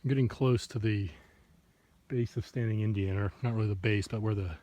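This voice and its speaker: Laid-back low-voiced man on a trail. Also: brisk, lo-fi sound. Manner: relaxed, rambling with fillers. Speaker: backpacking vlogger. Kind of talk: casual trail vlog. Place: outdoors in the woods on a trail.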